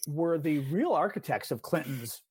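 A man co-hosting a podcast, talking in a rambling, chatty way about politics and quick to agree with his partner. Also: fairly high pitch, expressive, a little mellow, breathy edge. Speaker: podcast co-host. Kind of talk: casual political chat.

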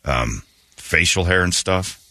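In a radio studio, a man hosting a morning show tells a story in casual chat, laughing as he goes and putting on voices for quotes. His voice is low and slow, and the sound is clean studio audio with no echo.

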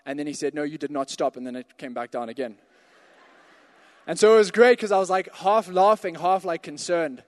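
A man with a fairly high voice delivers a sermon in a church. He tells a personal anecdote in a chatty way, then pushes into forceful calls to his listeners. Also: animated, moderate pace, in a large hall. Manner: storytelling, builds to emphatic exhortations. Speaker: pastor.

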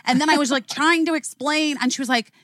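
A woman's voice: high-pitched, fairly even intonation, fast talker, fairly bright tone, dry recording, studio quality. A woman from Chicago hosting a casual podcast chat, telling stories animatedly with lots of "like" fillers and the odd swear. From Chicago, USA. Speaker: podcast host.

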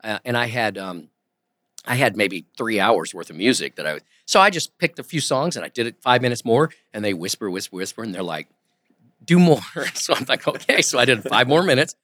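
Animated storytelling man, dry studio sound. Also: mid-range voice, a little fast, no echo. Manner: animated storyteller, acts out quoted voices. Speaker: guest, ventriloquist and impressionist. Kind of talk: casual interview storytelling. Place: podcast studio.

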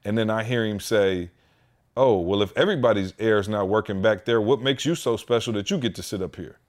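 A man in his thirties tells a story on a casual podcast chat, acting out each person with heated voices. His delivery is animated and lively, and he talks straight to his co-hosts. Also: fairly low pitch, fairly quick. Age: 30s. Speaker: podcast co-host.

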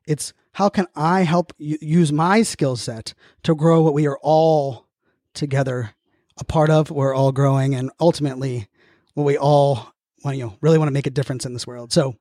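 A man's voice: on the high side, a little mellow, no room sound, clean studio sound. A man hosting his own podcast, speaking in an earnest, motivational monologue with frequent fillers and restarts. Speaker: podcast host.

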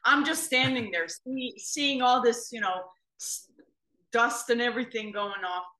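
A woman's voice: a little high, unhurried, bright, forceful tone, reverberant. A woman telling a story in casual conversation, expressively quoting herself.

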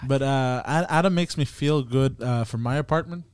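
A man chatting casually on a podcast, halting often and filling pauses with "uh". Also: mid-range voice, smooth, no echo, studio quality. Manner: halting, lots of uhs and restarts. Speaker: podcast co-host. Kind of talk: casual chat.

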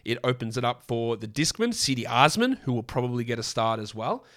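A man hosting a solo fantasy basketball podcast, hoarse from losing his voice, talking in an opinionated, rambling way with frequent self-corrections. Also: medium pitch, sing-song, a little fast, a bit bright. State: hoarse from a lost voice.

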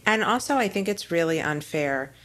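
A low-pitched woman talking on a podcast as a guest. She tells her story candidly and quickly in casual chat. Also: expressive, fairly bright tone.

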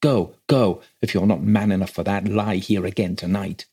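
A man's voice: deep voice, steady tone, moderate pace, dark tone, husky. A man voicing a stern, scheming older mother who speaks in an urgent, commanding way.

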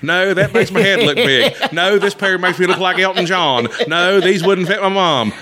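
A man voicing a wired, sleepless man at a gas station who keeps up loud, rambling commentary. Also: sits high, lively intonation, moderate pace, voice pushed up. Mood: fussy. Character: wired, sleepless man yelling about sunglasses and chips.

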